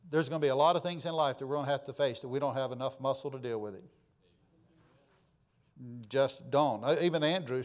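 A man preaching a folksy sermon, telling anecdotes with lively swings in pitch and loudness. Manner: animated storytelling, jumping in pitch and volume. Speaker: pastor.

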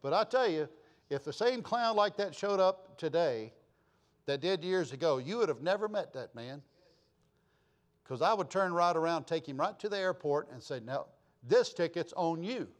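Folksy storytelling pastor, man, slightly high voice. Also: expressive, normal speed. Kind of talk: sermon.

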